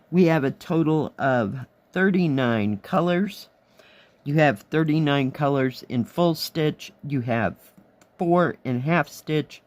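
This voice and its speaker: A woman with a hoarse, fading voice, chatting casually through a craft kit review, admiring the pieces and counting aloud as she goes. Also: a bass voice. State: hoarse, losing her voice. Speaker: cross-stitch vlogger.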